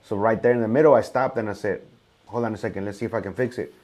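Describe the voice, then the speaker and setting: A man's voice: lowish voice, racing, a little mellow. A male host in casual conversation, recounting a story in a loose, rambling way.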